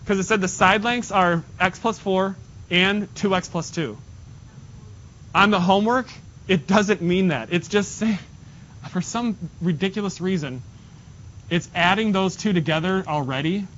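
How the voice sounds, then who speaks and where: A man's voice: sits high, measured pace, fairly bright tone. A male math teacher working through problems with his class step by step and making joking asides. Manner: talks students through steps, jokey asides. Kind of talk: classroom lesson. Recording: dull lo-fi classroom recording with faint hiss.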